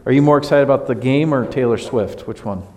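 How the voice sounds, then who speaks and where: Guy pastor doing a kids sermon, chatty and playful, mid-pitched voice, church hall echo all around. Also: fast, dark tone, a little hiss or hum. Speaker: pastor giving a children's sermon. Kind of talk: casual children's sermon to a congregation. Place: church sanctuary. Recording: long hall reverb.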